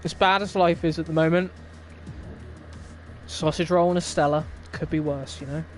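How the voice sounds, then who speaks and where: A man's voice: a little high, fairly even intonation, normal speed, soft background music. A young man hosting a racing league stream, chatting casually in a wry, rambling way and laughing often. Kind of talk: casual live-stream chat.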